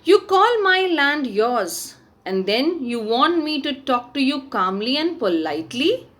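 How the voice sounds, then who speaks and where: An excitable young suitor hurls accusations at his neighbour, read by a woman teacher. The pitch sits high and leaps about. The pace is unhurried. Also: full character voice. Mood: accusing. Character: agitated young male suitor.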